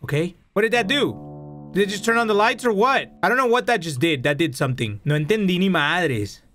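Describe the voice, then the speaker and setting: Here the same young gaming host's voice is high-pitched, bright, animated and fairly quick, with soft music behind him. Speaking with a Mexican accent, he jumps at scares, curses, flips between languages and lets out shrieks while narrating the horror game.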